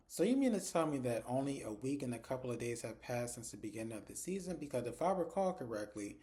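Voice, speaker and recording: Male reviewer recapping episodes, lively and profane, acts out the dialogue. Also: medium pitch, fast, few pauses. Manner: animated retelling, acts out dialogue in quoted voices, profane. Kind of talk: casual recap commentary.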